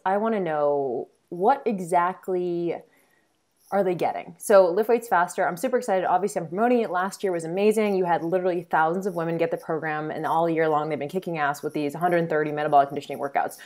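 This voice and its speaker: A woman host and fitness coach chatting casually, bubbly and laughing, firing off quick questions. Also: lowish voice, darkish tone. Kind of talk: casual conversation. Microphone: phone or online call.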